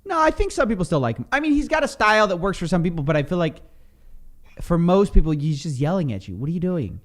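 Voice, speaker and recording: A young man co-hosting a podcast, cracking jokes and teasing his partner. His voice is slightly high and very expressive in pitch. He keeps things casual and playful. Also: quick pace. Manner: joking, teasing. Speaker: podcast co-host.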